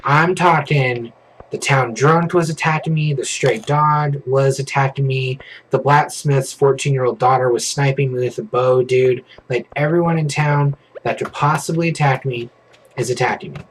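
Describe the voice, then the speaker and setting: Animated male streamer telling stories. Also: mid-range voice, moderate pace, a little hiss or hum, poor audio. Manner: animated, vivid retelling with casual swearing. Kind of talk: casual storytelling chat.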